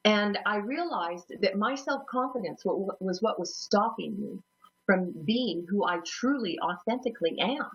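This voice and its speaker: With lively intonation and a mid-range voice at normal speed, this woman hosts a psychic talk show. She shares a personal story, wandering and poking fun at herself while laughing frequently, captured in dull lo-fi audio.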